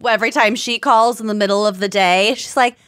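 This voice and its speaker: A woman's voice: medium pitch, steady tone, fairly quick, a bit bright, clean tone, dry recording, clean studio sound. A woman co-hosting a podcast in casual chat, emphatic and matter-of-fact. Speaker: podcast co-host.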